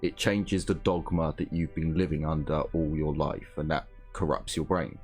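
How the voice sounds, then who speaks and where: A man's voice: very deep voice, fairly even intonation, normal speed, a little mellow, faint music behind. A man running a tabletop game as game master, narrating and joking in a wry, casual way.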